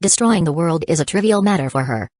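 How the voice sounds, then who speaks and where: A woman narrating an audiobook in an even, steady storytelling manner. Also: on the low side, quick pace, dry recording.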